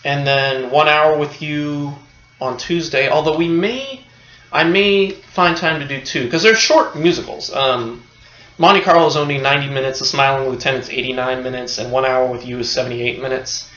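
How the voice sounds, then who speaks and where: A man's voice: medium pitch, normal speed, sharp tone. A man giving an unscripted film review, rambling, with many fillers and restarts. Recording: echoey room, dull lo-fi sound.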